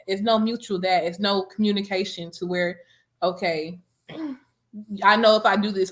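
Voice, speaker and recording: Blunt, animated woman co-host. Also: mid-range voice, normal speed. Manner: blunt, animated, swears freely. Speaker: podcast co-host. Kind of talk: casual chat.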